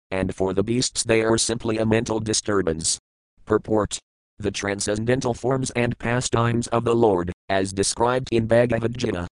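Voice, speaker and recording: A man in a measured, even recitation of scripture, giving its word meanings and commentary. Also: medium pitch, dry recording, low-quality recording. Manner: even, measured recitation reading out formatting marks. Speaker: scripture reader. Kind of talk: scripted reading of verses and commentary.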